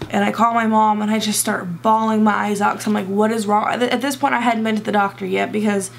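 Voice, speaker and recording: Teary young woman, gravelly and flat. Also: medium pitch, a little hiss or hum. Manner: emotional, halting, many fillers. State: close to tears. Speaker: vlogger. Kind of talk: personal storytime.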